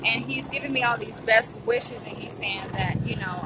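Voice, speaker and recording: A woman's voice: on the high side, normal speed, few pauses, background noise. A young woman chatting to camera in a vlog, emotional and talkative, often turning to speak straight to her viewers. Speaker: vlogger, psychology trainee. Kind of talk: casual chat to camera.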